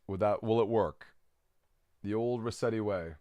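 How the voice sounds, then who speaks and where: A man's voice: on the low side, moderate pace, no echo, lo-fi sound. A man streaming a game, chatting casually and rambling with fillers as he answers his chat.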